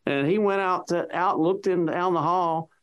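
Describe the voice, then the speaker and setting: A man's voice: sits high, normal speed, smooth, muffled recording. A man as an interview guest, earnestly retelling a personal story and reliving the conversations in it.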